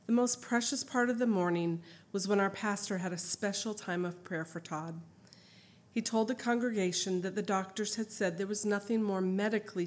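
Woman, middle-aged, mother, testimony, earnest emotional storytelling, part read aloud, part told off the cuff. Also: fairly low pitch. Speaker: mother sharing her testimony. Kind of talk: reading a memoir aloud, then telling a story off-script.

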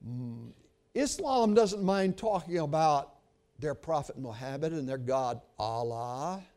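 An older man preaching a sermon, telling a story and then praying, earnest and swinging from hushed to emphatic. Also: fairly high pitch, expressive, slow.

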